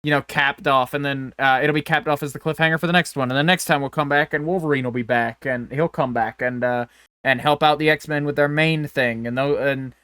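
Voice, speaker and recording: A man's voice: on the high side, steady tone, a little fast, bright, forceful tone, clear, resonant tone, dry recording, studio quality. A man co-hosting a podcast in casual chat, rambling and swearing, often breaking off and restarting his sentences. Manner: rambling, profane, self-interrupting. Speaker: podcast co-host.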